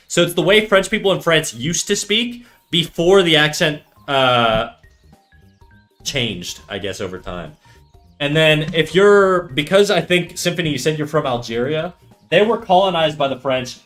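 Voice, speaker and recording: A man talks off the cuff on a livestream, his voice sitting a little high for a man. He rambles, circles back on his sentences and throws in casual swearing, with faint music playing underneath. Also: a bit bright. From Canada. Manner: rambling, self-correcting, joking, swears casually. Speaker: streamer teaching drawing.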